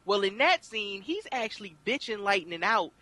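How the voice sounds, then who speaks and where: A man chatting casually as a film reviewer, animated and quick to act out lines in put-on voices. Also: high-pitched. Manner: animated, mimics characters in exaggerated voices. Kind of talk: casual chat.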